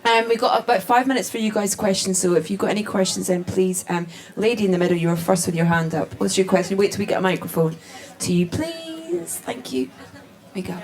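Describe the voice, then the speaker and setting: A woman's voice: medium pitch, a little fast. A woman moderating a cast Q&A at a live event, chatty and upbeat and full of ums. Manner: chatty, upbeat, filler-heavy. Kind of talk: hosting a cast Q&A. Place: live stage event with an audience.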